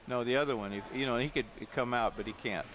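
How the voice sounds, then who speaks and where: A man's voice: mid-range voice, fast talker, background noise. A man commentating a pool match live, analyzing each shot and thinking aloud, often trailing off mid-sentence.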